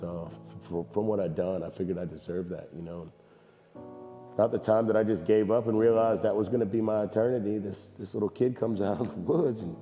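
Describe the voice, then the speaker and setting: A man giving a personal testimony at church, halting and earnest, with a voice worn from screaming. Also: low voice, dark tone, in a large hall, highs cut off. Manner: halting, earnest, many fillers.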